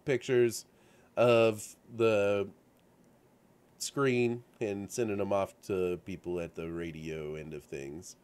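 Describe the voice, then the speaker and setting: A man speaking slowly in a fairly low, clear and resonant voice hosts a casual video game talk show. His storytelling rambles, animated, with frequent fillers and restarts. The setting is a radio-show studio.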